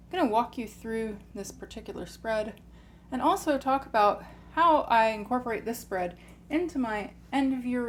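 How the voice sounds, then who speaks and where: A woman with a higher-pitched voice, out of breath, hosts her channel and gives a casual video walkthrough of a tarot practice. As a tarot coach, she explains it in a chatty, rambling way over slight background noise.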